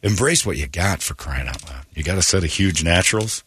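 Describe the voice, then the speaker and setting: A man's voice: deep voice, fairly quick, slightly rough. A man hosting a morning radio show, chatting casually and acting out the voices of the people in his stories. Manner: animated storyteller who acts out quoted voices.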